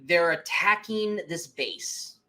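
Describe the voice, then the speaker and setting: A man co-hosting a movie review podcast, chatting casually in an animated, profane way and acting out scenes in mocking voices. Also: high voice, takes it slowly. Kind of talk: casual chat.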